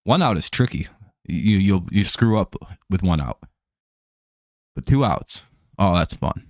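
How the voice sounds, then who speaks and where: Rambling low-voiced man calling a game. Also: big pitch swings, unhurried, a little mellow, no echo, clean studio sound. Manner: rambling, lots of fillers and restarts, chuckles often. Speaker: live-stream host. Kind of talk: casual live watch-along baseball commentary.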